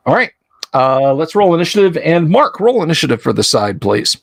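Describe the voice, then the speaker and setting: A man's voice: a little high, big pitch swings, fairly quick, vocal fry, dry recording, studio quality. Upbeat joking man running a tabletop game. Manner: jokey, tosses in metal references. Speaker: game master.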